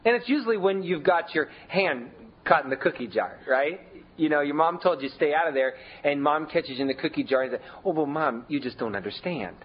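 Male pastor, husky, conversational sermon, emphatic swings, dull lo-fi recording. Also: animated, fairly quick, hardly any pauses. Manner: conversational preaching, emphatic swings in pitch and volume.

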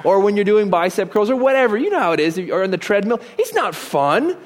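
A man's voice: high voice, big pitch swings, fairly quick. A man giving a conversational sermon, asking rhetorical questions and dropping joking asides. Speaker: preacher.

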